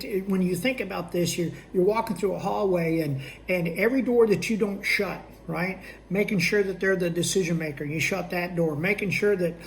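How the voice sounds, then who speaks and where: A male sales trainer gives instructional talk on a sales technique, keeping it conversational, checking in with "okay?" and "all right?" and acting out both sides of a sales conversation. His voice sits high with vocal fry, over slight background noise.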